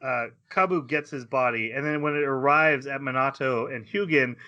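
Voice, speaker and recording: A man's voice: medium pitch, moderate pace, bright, forceful tone, dull audio. A man co-hosting a podcast, casually retelling an anime episode in a rambling way, acting out lines and laughing. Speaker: podcast co-host. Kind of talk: casual anime recap chat.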